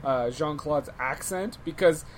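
A co-host of a casual movie podcast, animated, often laughing and questioning scenes. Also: medium pitch, measured pace, slight background noise.

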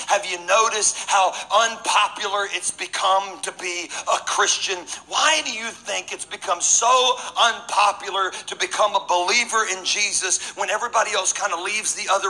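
Energetic male pastor mid-sermon; high, bright voice, jokes and swings from loud to quiet. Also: low-quality recording. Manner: energetic, jokey, shifts between loud and hushed.

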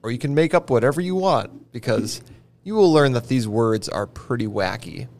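Male podcast host, mid pitch, lively inflection, playful and laughing. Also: normal speed, vocal fry. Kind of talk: casual chat, running a word game.

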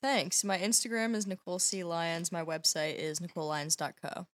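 Woman, podcast producer, casual chat, low-key, dry close sound. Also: fairly even intonation, moderate pace, dry recording.

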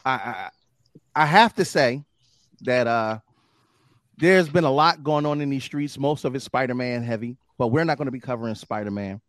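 A young adult man hosting a podcast in casual chat, animated and hype with plenty of slang. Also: medium pitch, moderate pace, dry recording. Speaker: podcast host.

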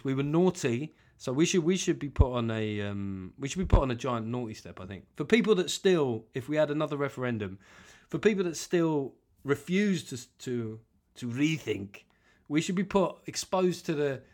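A man hosting a comic podcast monologue, animated and sweary, with self-mocking asides. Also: mid-range voice. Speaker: comedian podcast host.

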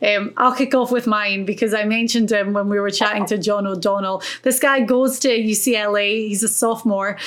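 A woman's voice: mid-range voice, steady tone, moderate pace, hardly any pauses. A woman co-hosting a golf podcast, steering the segments in a friendly, upbeat casual chat.

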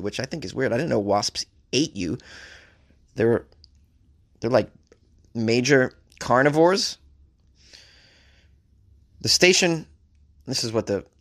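A man's voice: mid-range voice, a bit bright. A man reading odd news stories aloud and riffing on them, sarcastic and rambling, swearing casually. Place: staying in a hotel abroad.

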